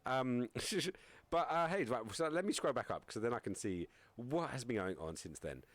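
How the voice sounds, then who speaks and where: A man's voice: medium pitch, expressive, normal speed, no echo. A young man streaming live, chatting casually with viewers, reading chat aloud and joking around. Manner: rambling, joking, reads chat aloud and laughs often.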